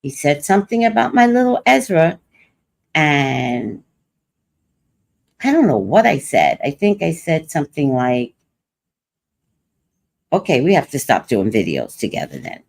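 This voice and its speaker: An older woman hosts a casual livestream and tells a personal story with lots of energy. Her voice sits fairly low for a woman but swoops up and down as she talks. She acts out what other people said as she goes. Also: unhurried, creaky, pauses often. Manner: animated storytelling, quoting others. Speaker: host.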